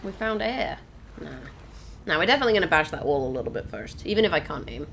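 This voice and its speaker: Young woman, low-pitched but lively, chatty let's-play commentary over clearly audible game sound. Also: fast talker, a little hiss or hum. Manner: chatty, exclaiming, addresses viewers. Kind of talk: casual gameplay commentary. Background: game ambience.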